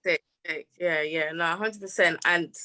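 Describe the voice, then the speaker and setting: A woman's voice: lowish voice, normal speed, pushed and bright. A woman interviewing a guest in a chatty, encouraging manner with plenty of slang. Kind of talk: casual interview chat.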